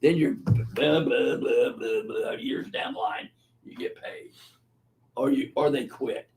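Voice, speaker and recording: A man's voice: mid-range voice, takes it slowly, a little mellow. An older man, a physician answering viewer questions in a live webinar, talking bluntly and profanely with heated emphasis. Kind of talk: unscripted webinar Q&A.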